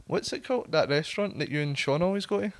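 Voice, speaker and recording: Glaswegian guy winding his mate up, high bouncy voice, faint hiss. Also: lively intonation, fast talker. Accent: Glaswegian Scottish. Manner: teasing, wind-up questions. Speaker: podcast co-host. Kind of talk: casual banter.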